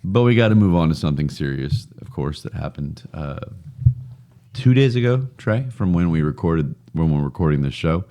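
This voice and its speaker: A man with an extremely deep voice co-hosts a relaxed podcast. He tells news stories in a loose, chatty way, with plenty of jokey asides and laughter. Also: normal speed, highs cut off. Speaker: podcast co-host. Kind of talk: casual podcast chat.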